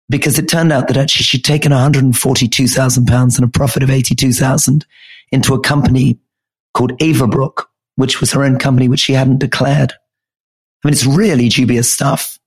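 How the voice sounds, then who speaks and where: A man co-hosting a political discussion podcast, talking in a croaky voice as he loses it, measured and listing names and facts. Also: mid-range voice, steady tone. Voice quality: husky. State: croaky, losing his voice. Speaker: podcast co-host.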